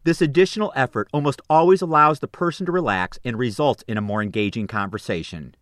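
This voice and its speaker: A man giving scripted, upbeat coaching tips on phone manners in an instructive, measured delivery. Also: mid-range voice, fairly bright tone, no room sound, clean studio sound.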